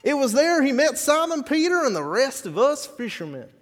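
A man voicing an excitable old-timey Wild West fisherman in a folksy drawl, telling a first-person story during a sermon. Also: very high voice, normal speed, in a large hall, pitched above the performer's own voice. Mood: nostalgic.

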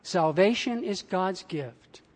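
Pastor delivering a sermon, slow, weighty, emphatic phrasing, long church echo. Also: expressive. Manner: slow, emphatic delivery with wide swings in pitch and loudness.

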